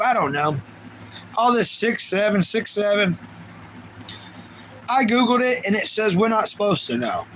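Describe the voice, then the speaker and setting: A man's voice: sits high, fairly bright tone, slight background noise. A man in his thirties livestreaming, chatting casually and reading out viewer comments in a rambling way. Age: 30s. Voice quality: rambling and chatty, with frequent restarts.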